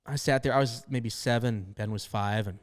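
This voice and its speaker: Animated storytelling man from Maine. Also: mid-range voice, moderate pace. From northern Maine, USA. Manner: animated storyteller, acts out quotes. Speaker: podcast host. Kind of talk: casual storytelling chat.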